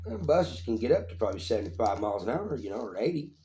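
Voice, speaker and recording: A man's voice: mid-range voice, sing-song, fast talker, dark tone, slight background noise. Blunt, crude male co-host, roomy echo. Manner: blunt, crude, skeptical quips. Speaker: podcast co-host. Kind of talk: casual comedic news chat.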